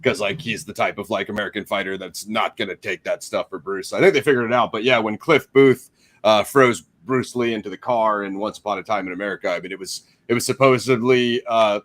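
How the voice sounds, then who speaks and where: A man's voice: fairly low pitch, fairly even intonation, brisk, fairly bright tone. A man hosting a casual film-review chat, laid-back and slangy, with lots of fillers. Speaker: podcast host.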